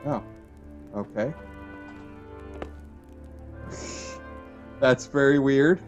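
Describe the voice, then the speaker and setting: A man giving a rambling, chatty let's-play commentary on a game, trailing off and restarting, with sudden excited jumps in pitch. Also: moderate pace, pauses often, highs cut off, faint music behind. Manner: excited bursts of high pitch at discoveries. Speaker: gaming channel host.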